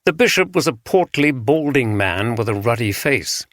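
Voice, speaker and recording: In a mid-range voice, a man narrates an audiobook from a script, keeping his storytelling measured and even.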